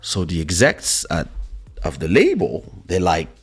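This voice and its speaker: Middle-aged male podcast host, animated storyteller, leisurely delivery, low voice. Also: unhurried, slightly rough, faint music behind. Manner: animated, laughing, acting out quotes. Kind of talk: casual storytelling.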